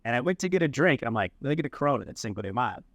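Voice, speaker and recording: A man in a cigar bar rattles off a story at a quick clip, slipping into the voices of the people in it. His pitch sits in the middle range. The sound is close and dry. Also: no room sound, lo-fi sound. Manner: animated, acts out quoted voices. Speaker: podcast co-host. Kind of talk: casual storytelling.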